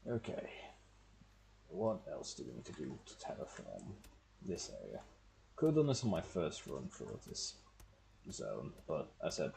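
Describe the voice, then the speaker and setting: A man's voice: rumbling low, very animated, normal speed, creaky, mellow, slight background noise. A man streaming a game, chatting casually with wry, profane, rambling asides. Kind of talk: casual gameplay commentary.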